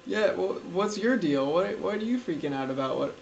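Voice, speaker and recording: A man's voice: high voice, expressive, normal speed, creaky, roomy sound, lo-fi sound, slight background noise. A man interviewing a guest in an improvised comedy bit, bemused and prone to giggling. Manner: bemused, giggly, playing it straight.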